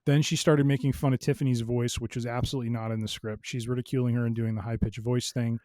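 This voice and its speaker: Man, mellow warm tone, podcast co-host, steady explaining, dry recording. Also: medium pitch, fast talker, dry recording. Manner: steady, explanatory, reads news aloud. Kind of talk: casual chat, reading an article aloud.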